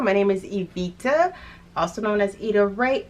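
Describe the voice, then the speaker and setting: At a normal speed and mid-range pitch, a budgeting vlogger talks to camera about paying off her debt. It's casual vlog talk where she thinks aloud, restarting sentences, laughing a little, and hiccuping now and then.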